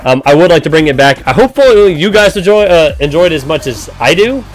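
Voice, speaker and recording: A man's voice: a little high, lively intonation, quick pace. A man hosting a casual game live stream, chatty and upbeat, greeting viewers by name and explaining with frequent "um"s. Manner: frequent "um" fillers while explaining.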